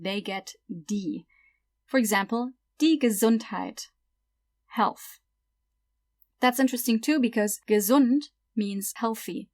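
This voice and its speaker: Woman, language teacher, mid pitch, patient tutorial delivery, slow deliberate example words, soft trailing phrase ends. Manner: slow careful word-by-word example pronunciation. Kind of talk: explanatory tutorial.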